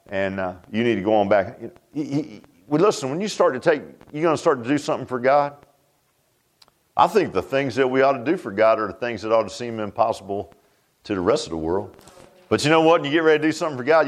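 A man's voice: mid-range voice, animated, quick pace. A male pastor preaching a sermon in a folksy, conversational way, asking rhetorical questions and laughing at his own jokes.

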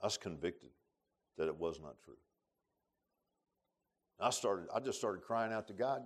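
A man preaching an earnest, emotional sermon in a church, with rising bursts and soft confessional drops. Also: lowish voice, lively intonation, a little slow, pauses often, breathy edge. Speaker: pastor. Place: church sanctuary.

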